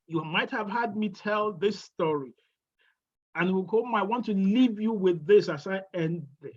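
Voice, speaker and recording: A woman's voice: mid-range voice, sing-song. A woman pastor preaching a funeral sermon, asking rhetorical questions and answering them herself. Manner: slow, deliberate preaching. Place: church. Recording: dull lo-fi church recording.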